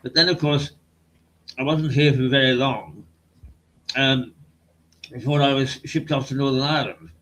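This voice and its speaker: An older man hosting a casual online talk, telling stories in a halting, hesitant way. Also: medium pitch, fairly bright tone, poor audio. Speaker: host and journalist. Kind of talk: casual chat on a video stream.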